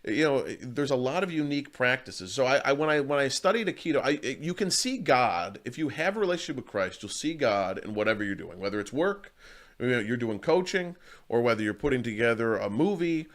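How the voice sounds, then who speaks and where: An earnest man talks about martial arts in a casual interview, with a voice of ordinary pitch. He rambles through stories, often restarting his sentences. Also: lively intonation, fairly quick.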